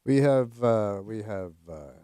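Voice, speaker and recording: A man voicing a boastful mock-foreign man with a put-on Russian accent, hyping his homeland in deadpan broken English. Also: on the low side, slow, clean tone, no echo, pitched below the performer's own voice. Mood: deadpan boasting.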